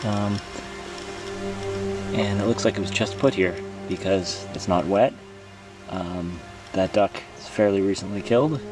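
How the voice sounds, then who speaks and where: A man's voice: fairly low pitch, unhurried, long pauses, music in the background. A man filming himself on a hike outdoors, giving casual, wry running commentary. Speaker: hiker filming his trip. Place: outdoors on a forest trail.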